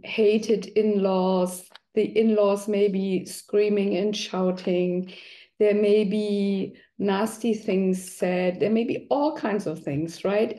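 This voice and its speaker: A woman's voice: mid-range voice, mellow. A middle-aged woman talking conversationally, now and then acting out quoted voices. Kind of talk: explanatory talk.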